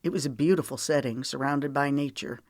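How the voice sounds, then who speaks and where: A woman's voice: extremely low pitch, a little fast, a little mellow, no echo, clean studio sound. A woman narrator voicing a weary, protective male friend in an audiobook, blunt and earnest. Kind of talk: audiobook character voice.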